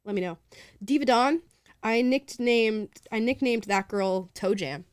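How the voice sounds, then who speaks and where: A woman's voice: a little high, measured pace, clean tone, dry recording, clean studio sound. A woman hosting a live talk show, reading viewer comments aloud in an upbeat, chatty way and laughing often.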